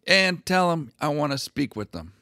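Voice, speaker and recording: A man's voice: on the high side, very animated, moderate pace, bright, forceful tone, dry recording, studio quality, voice pushed up, heavily acted. A man voicing a crude, eager male king who barks out profane orders.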